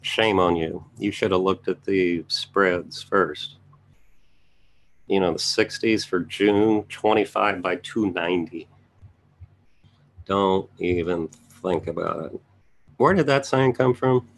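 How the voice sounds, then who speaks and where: Gravelly low-voiced man talking through trades. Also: unhurried. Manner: offhand, thinking aloud while scanning charts, chatty asides to viewers. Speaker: trading educator reviewing charts. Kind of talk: casual live market commentary.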